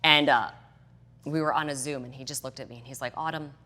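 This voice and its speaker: A woman's voice: a bass voice, fairly even intonation, fast talker, bright, forceful tone. A middle-aged woman, a fitness and hormone health coach, chatting as a podcast guest and animatedly acting out her own past reactions. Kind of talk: casual podcast interview.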